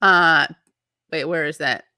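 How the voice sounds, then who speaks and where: Woman host just chatting, kinda rambly, bright voice, dry sound. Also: deep voice, takes it slowly, smooth, no room sound. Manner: chatty, rambling, breaks off mid-thought. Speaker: show host. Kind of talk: casual livestream chat, reading viewer comments.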